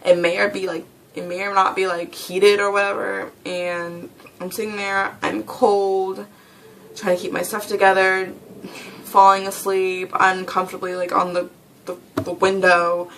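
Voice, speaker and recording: A woman's voice: mid-range voice, little pitch movement, measured pace, fairly bright tone, slight background noise. A teenage girl ranting casually in a vlog, rambling and exasperated, often laughing. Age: teens. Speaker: vlogger.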